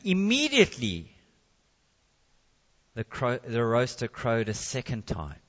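A man's voice: mid-range voice, wildly swooping pitch, slow pace, fairly bright tone, in a large hall, dull audio. A man preaching a sermon in a conversational way, with jokey asides.

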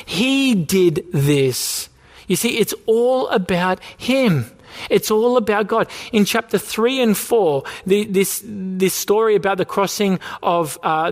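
A man preaching a sermon as the church's pastor, earnest, pressing his listeners with repeated questions. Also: high-pitched.

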